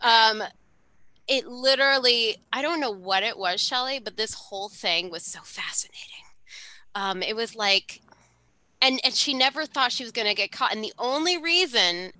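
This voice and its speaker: A woman co-hosting a podcast, telling a gossip story in casual chat with quick, animated asides. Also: on the high side, no echo. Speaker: podcast co-host.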